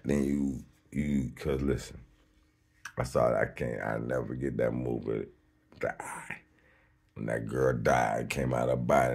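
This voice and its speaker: A man hosting a livestream, talking off the cuff in a profane, animated monologue that swings between loud outbursts and low mutters. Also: creaky, husky. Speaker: livestream host.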